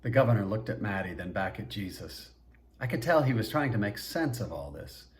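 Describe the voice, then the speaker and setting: A man's voice: lowish voice, animated, fairly quick. Man narrating an audiobook. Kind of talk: first-person audiobook narration.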